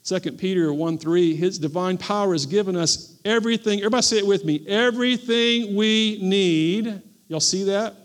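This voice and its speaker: A man with a notably high-pitched voice preaches a sermon as pastor of a church. He drives his points home through emphatic repetition and calls on the congregation to answer him. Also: quick pace, hardly any pauses. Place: church service.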